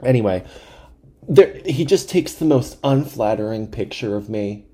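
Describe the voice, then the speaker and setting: A man in his twenties hosting a podcast, telling comic stories about himself in an animated, self-mocking way and swearing freely. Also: medium pitch, moderate pace, breathy edge. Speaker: podcast host. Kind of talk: comedic storytelling monologue.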